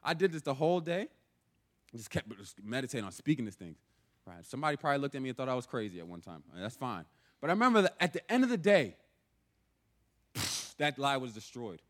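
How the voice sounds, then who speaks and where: A young man preaching a sermon in a casual, animated way, often checking in with "right?". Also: mid-range voice, quick pace.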